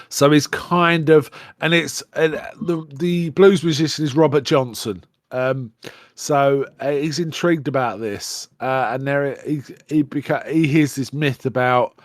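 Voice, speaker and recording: A man hosting a podcast, recapping a film in casual chat, rambling and halting with restarts. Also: mid-range voice, no echo, studio quality. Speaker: podcast co-host.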